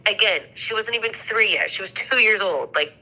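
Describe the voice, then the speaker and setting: A woman's voice: medium pitch, a little fast, pushed and bright, poor audio. A woman in her thirties casually telling a story, chatty, swearing freely and acting out the dialogue. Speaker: mother telling a ghost story.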